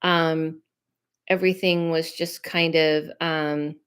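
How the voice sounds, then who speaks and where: A woman's voice: low voice, little pitch movement, takes it slowly, smooth. A woman hosting a live stream as a psychic medium, talking casually and reassuringly and drifting off on tangents. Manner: rambling and chatty, drifting off on tangents; reassuring and conversational, often checking in with listeners. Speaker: psychic medium livestream host. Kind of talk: casual live-stream chat giving readings.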